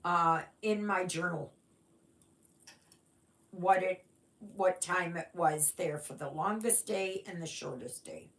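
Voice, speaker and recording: A woman from Canada hosting a casual stitching livestream, chatting unhurriedly and greeting viewers by reading their comments aloud. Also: fairly low pitch. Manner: unhurried, rambling with fillers. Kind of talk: casual live-stream chat.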